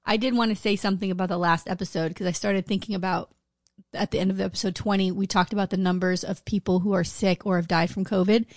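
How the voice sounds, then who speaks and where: Woman podcast co-host, mid-pitched, dry close mic, lively self-mocking chatter with swearing. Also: fast, no room sound. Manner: animated, profane, self-mocking storytelling. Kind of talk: casual chat.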